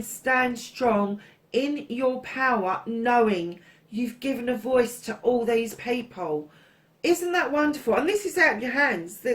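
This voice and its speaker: Chatty woman giving a tarot reading. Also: fairly high pitch. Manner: affectionate, chatty, swears freely, calls viewers darlings. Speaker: tarot reader. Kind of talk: casual tarot reading to camera.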